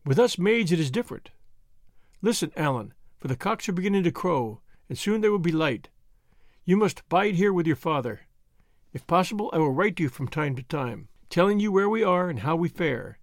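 Brief: soft, solemn young woman in love, read by a man, lilting audiobook voice. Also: on the high side, expressive, moderate pace, no room sound, studio quality. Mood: tender, sorrowful. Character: young woman, earnest, tender and sorrowful. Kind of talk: audiobook reading.

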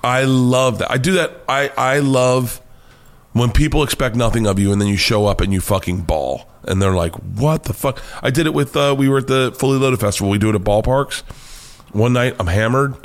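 A male comedian from the United States tells wild stories in a casual interview. He swears freely and gets animated, often breaking into laughter. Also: medium pitch, moderate pace. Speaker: comedian guest.

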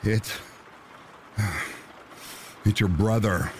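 A man's voice: medium pitch, animated, unhurried, vocal fry, darkish tone, slight background noise, voice pushed up. A man voicing a stammering wounded husband. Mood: panicked. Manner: stammering, breathless. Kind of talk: horror story narration.

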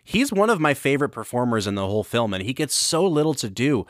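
A man's voice: mid-range voice, sing-song, quick pace, no echo. A man co-hosting a podcast, talking through a film with enthusiasm and close attention to acting. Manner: enthusiastic, analytical. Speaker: podcast co-host. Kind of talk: casual film review chat.

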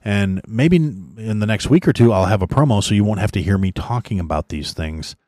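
A man's voice: lowish voice, lively intonation, a little fast, a little mellow, no room sound, studio quality. A man hosting a podcast, ranting bluntly about politics with heavy swearing and lots of restarts. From United States. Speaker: podcast host. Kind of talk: profane political rant.

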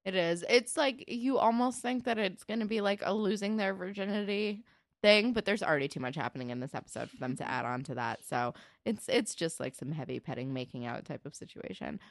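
Recapping a TV episode on a laid-back podcast, a young female co-host talks briskly in a mid-range voice, acting out the quotes with lots of energy. The recording is clean studio audio with no room sound.

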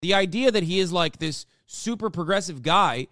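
A man in his thirties streaming, reacting to a video with an angry, profane rant that bursts into shouts. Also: high-pitched, lively intonation, moderate pace, noisy background. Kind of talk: ranting reaction commentary.

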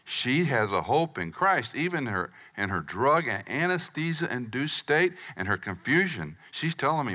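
A middle-aged man preaching a sermon as pastor, swinging from loud emphatic peaks down to near-whispers. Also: medium pitch, a little slow, hardly any pauses. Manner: animated, rising to near-shouts for emphasis, dropping to whispers.

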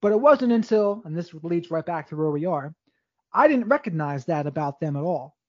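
A man's voice: a little high, lively intonation, normal speed, no room sound, highs cut off. A man, a podcast guest, telling his life story in a candid, rambling way with frequent restarts. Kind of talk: casual storytelling interview.

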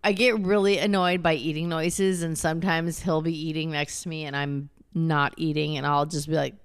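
A woman with a lowish voice co-hosting a podcast, recorded close and dry. She talks candidly, gets sidetracked easily and drops the odd swear. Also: level tone, moderate pace, smooth, no room sound. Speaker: podcast co-host. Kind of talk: casual chat.

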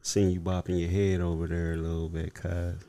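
Slangy laid-back podcast host, low voice. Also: male voice, level tone, moderate pace, dark tone. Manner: loose, slangy, swearing, laughs easily. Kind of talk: casual podcast chat.

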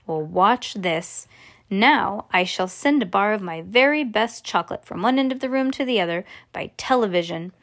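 A woman voicing an eccentric, excitable male chocolate maker, explaining eagerly with bursts of excited exclamations. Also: mid-range voice, normal speed, close to an everyday voice.

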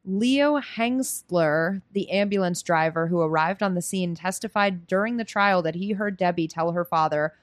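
A woman's voice: fairly low pitch, moderate pace, few pauses, no room sound, clean studio sound. A woman co-hosting a podcast, casually recapping a story with fillers and asides. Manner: chatty, reads excerpts aloud with fillers. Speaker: podcast co-host. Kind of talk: casual chat.

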